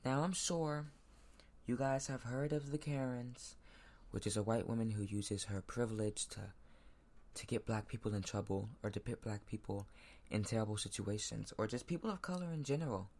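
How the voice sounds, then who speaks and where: A man hosting a solo podcast from his laptop at home, ranting in heated bursts that sometimes jump loud. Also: fairly low pitch, moderate pace. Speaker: podcast host.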